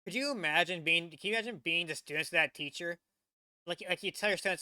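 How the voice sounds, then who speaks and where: Brief: male reaction host, bright tense tone, dry close sound, rambling excitable chatter. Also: high-pitched, quick pace, smooth, no echo. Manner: rambling, excitable, many restarts. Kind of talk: casual reaction commentary.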